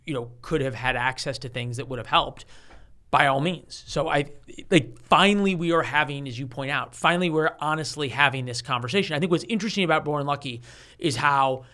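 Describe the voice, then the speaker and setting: A man in his forties, a guest author telling a story in an interview, animated and given to restarts, acting out the voices of the people he quotes. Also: a little high, a little fast. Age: 40s.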